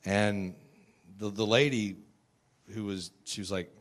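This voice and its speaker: A man sharing a personal testimony in a conversational storytelling style, self-deprecating and quick to laugh. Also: on the low side, fairly even intonation.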